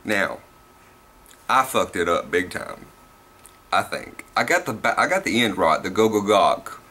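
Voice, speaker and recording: A man's voice: fairly low pitch, very animated, unhurried, pushed and bright, husky. A young man with a Southern US accent, rambling and swearing through a casual vlog rant, laughing at himself. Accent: Southern US, Tennessee. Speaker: vlogger.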